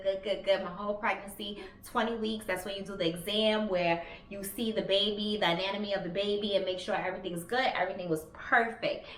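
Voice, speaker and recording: A woman's voice: medium pitch, fairly bright tone. A woman in her thirties telling a personal story in a candid, chatty way, swearing freely. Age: 30s. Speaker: vlogger. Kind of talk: casual storytelling. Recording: roomy echo with faint ambience.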